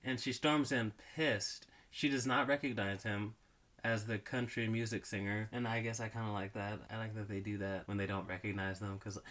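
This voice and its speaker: A man's voice: on the low side, fairly even intonation, moderate pace, a bit bright. A man giving a casual movie recap, rambling and correcting himself with wry asides. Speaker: movie reviewer.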